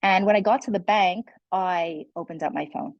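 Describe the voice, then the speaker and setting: A woman's voice: on the low side, moderate pace, dry recording, dull audio. A young adult woman, a guest speaker, telling her personal story in a candid, earnest way with many "like" and "you know" fillers. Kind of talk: personal testimony in a conversation.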